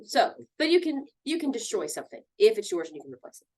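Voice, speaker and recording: A woman's voice: a little high, fast talker, slightly rough. A woman teaching a mindfulness lesson on handling anger, talking casually and acting out what friends might say. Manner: lively, conversational, acts out quoted friends.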